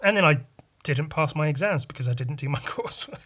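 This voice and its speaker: A man with a slightly high voice talks through a casual solo podcast. He rambles along, swears freely and makes fun of himself. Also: lively intonation, a little fast, a bit bright. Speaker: podcast host.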